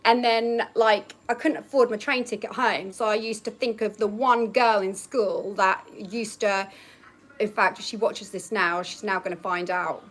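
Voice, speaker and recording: A woman's voice: medium pitch, a bit bright. A young woman from Norfolk chatting casually outdoors on a balcony, telling a story and often laughing as she acts out remembered lines. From England, Norfolk. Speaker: vlogger.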